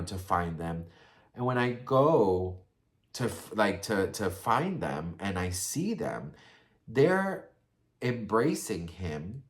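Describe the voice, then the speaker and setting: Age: young adult. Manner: animated, profane storyteller. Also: male voice, mid-range voice. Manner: animated, profane, gossipy, frequent fillers. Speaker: storytime vlogger. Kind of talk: casual storytelling chat.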